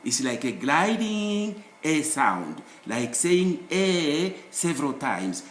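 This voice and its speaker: A man explains French pronunciation rules in a lesson, repeating example words. His pitch moves a lot, climbing sharply to stress key points. The recording is roomy and echoey, with a faint hiss behind him. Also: very animated, slow. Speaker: French language teacher. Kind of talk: screen-share language lesson.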